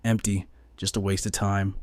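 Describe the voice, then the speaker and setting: An arrogant young hunter who scoffs and talks down to everyone around him, as a man puts him on. His low voice sounds dry and close to the mic. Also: flat delivery, moderate pace, a little mellow, dry recording, natural voice. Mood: scornful. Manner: scoffing, condescending.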